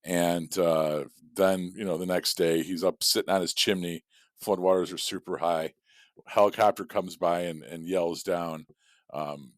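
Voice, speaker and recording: A man with a very low voice telling a long story on a casual podcast. He rambles, swears freely and fills his pauses with ums and uhs. The sound is dry and close, with no room around it. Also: steady tone, no echo. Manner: rambling storyteller with profanity and many fillers. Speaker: podcast co-host.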